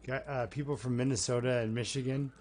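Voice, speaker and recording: A Canadian man streams a game and chats along as he plays, drifting between asides to his viewers and mutters to himself. His voice sits at an ordinary pitch, with a faint hiss of noise and game ambience behind it. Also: fairly even intonation, fairly quick, a little mellow. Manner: chatty, rambling asides to chat and to himself. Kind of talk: casual gameplay commentary.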